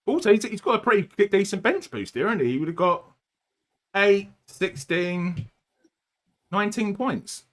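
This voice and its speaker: Animated, bright-voiced man co-hosting a stream. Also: high-pitched, moderate pace. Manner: animated, jokey, talks over his co-host. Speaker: podcast co-host. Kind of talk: casual chat on a live stream.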